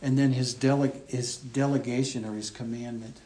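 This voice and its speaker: A man's voice: medium pitch, steady tone, normal speed, warm tone. Man preaching a verse-by-verse sermon. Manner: conversational, explains and repeats points. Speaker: pastor. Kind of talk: expository sermon.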